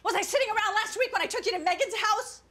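An actress playing a middle-aged mother with a shrill, scolding, indignant manner in a film drama. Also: fast, sharp tone. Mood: furious.

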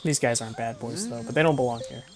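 A young woman giving casual gameplay commentary, swearing often and yelling at the game. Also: very deep voice, quick pace, music in the background. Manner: swears a lot, yells at the game. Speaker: gaming video creator.

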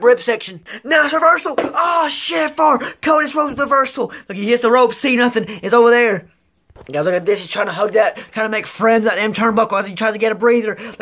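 Very high-voiced, excitable male commentator. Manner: excitable, swears often, shouts on big moves. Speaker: wrestling commentator and ring announcer.

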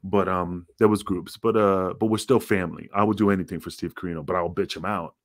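A man's voice: sits low, fairly even intonation, brisk, no room sound, clean studio sound. A middle-aged man, a former wrestler, telling rambling, profane stories in a casual interview. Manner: rambling, profane, acts out quotes.

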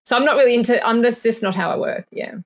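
A woman naturopath in a casual podcast interview, chatty and animated, laughing often and acting out quoted voices. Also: a little high, fast talker. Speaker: naturopath guest.

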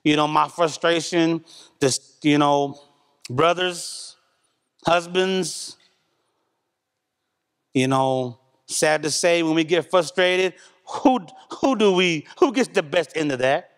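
A man giving a candid, animated testimony at a church service, a self-described loud talker. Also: fairly high pitch, slow pace, long pauses. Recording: reverberant church hall.

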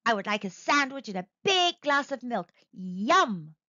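Storybook boy, eager and jumpy, played by a woman; lively high voice, dull lo-fi sound. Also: unhurried, no room sound, heavily acted. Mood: hungry. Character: young boy, eager and easily scared. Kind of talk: storybook read-aloud.

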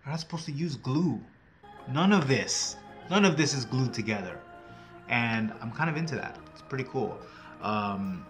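A man's voice: mid-range voice, a bit bright. A man hosting his own craft channel, talking through folding steps in a casual, rambling way with self-mocking jokes. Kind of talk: casual tutorial talk.

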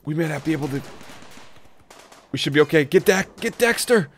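A man gives brisk let's play commentary on a colony game, talking to his colonists and swinging between rattled bursts and low mutters. He's jumpy and spikes loud when things get tense, and keyboard clicks can be heard behind him.

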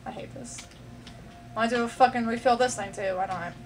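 Over a faint hiss or hum, a young woman with a slightly high voice and moderate pace provides let's play commentary on her gameplay. She talks to herself, swears, and becomes frustrated as she plays.

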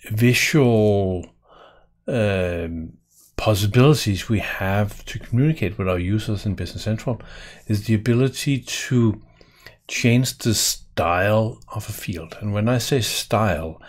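A man giving a casual screen-share coding tutorial, thinking aloud with lots of fillers and restarts. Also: lowish voice. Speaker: software developer teaching coding.

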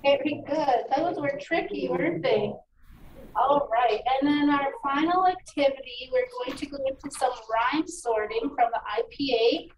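A woman teacher giving a phonics lesson to children, encouraging and enunciating each sound clearly. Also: high voice, normal speed. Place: meeting room. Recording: echoey room, distant mic, faint noise.

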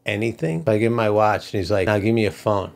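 A man's voice: on the low side, animated, fast talker, gravelly. A man from Brooklyn, retelling a story in casual chat, blunt and profane. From Brooklyn, New York. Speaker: podcast co-host.

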